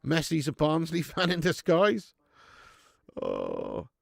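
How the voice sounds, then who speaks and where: A man's voice: fairly high pitch, takes it slowly, creaky, dry recording. Sweary, laddish male watch-along host. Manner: sweary, laddish, jokey, bursts into excited commentary. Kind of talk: live match commentary and chat.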